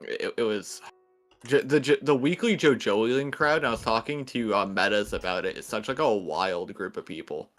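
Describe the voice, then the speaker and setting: A man chatting casually as a guest, rambling in a relaxed way with lots of filler words. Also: on the low side, moderate pace, soft background music. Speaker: guest co-host. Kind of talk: casual chat.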